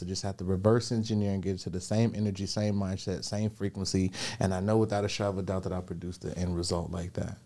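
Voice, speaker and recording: On a podcast, a business coach with a voice on the low side tells a personal story and gives motivational advice. He's animated, acting out the voices he quotes.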